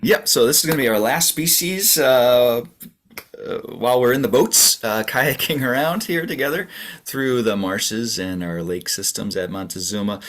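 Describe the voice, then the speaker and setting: A man directing a nature center, giving a relaxed, chatty narrated birding tour with plenty of fillers and the odd imitated bird song. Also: mid-range voice, moderate pace.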